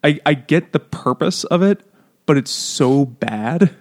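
A man's voice: a little high, lively intonation. A man co-hosting a casual podcast chat, mocking and laughing often as he talks. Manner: laughing, mocking, does quick silly voices for quotes. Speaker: podcast co-host.

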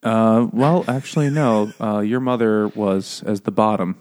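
A man's voice: on the low side, unhurried, darkish tone. A man co-hosting a podcast in casual chat, jokey and laughing often, explaining things at length. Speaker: podcast co-host.

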